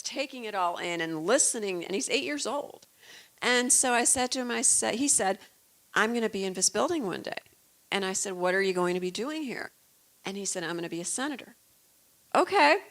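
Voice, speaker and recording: Woman, 50s, from the Chicago suburbs, guest speaker, chatty storytelling, earnest, gravelly voice. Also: mid-range voice, fairly bright tone. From United States, Chicago suburbs. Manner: chatty, earnest, proud mother. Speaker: guest author. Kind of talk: casual storytelling talk.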